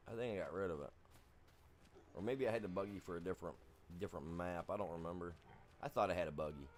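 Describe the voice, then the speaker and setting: A man with a low-pitched voice streams a farming game, talking fast and pausing often over a slight hiss or hum. He chats casually and ramblingly with his viewers, throwing in plenty of "you know" asides.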